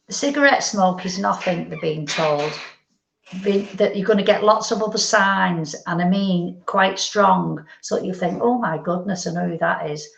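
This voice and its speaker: A woman working as a medium, gently relaying messages in a meandering way during a live spiritual reading. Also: fairly low pitch, moderate pace, vocal fry. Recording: roomy, dull lo-fi sound.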